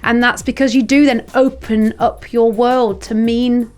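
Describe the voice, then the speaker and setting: Chatty Midlands woman, higher voice. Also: unhurried. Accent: English Midlands. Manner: chatty and animated, acting out anecdotes. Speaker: guest. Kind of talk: casual podcast chat. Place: studio.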